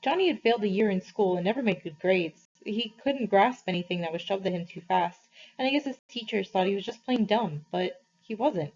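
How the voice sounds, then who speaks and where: Woman teacher, novel read-aloud for students, measured and expressive, dull lo-fi sound. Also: mid-range voice. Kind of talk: reading a novel aloud to a class. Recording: slightly muffled, dull recording.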